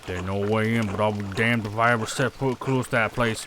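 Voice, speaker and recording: A man voicing a gruff older village charcoal burner in a put-on rustic, folksy storytelling voice for a game read-aloud. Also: fairly low pitch, steady tone, brisk, background noise, natural voice.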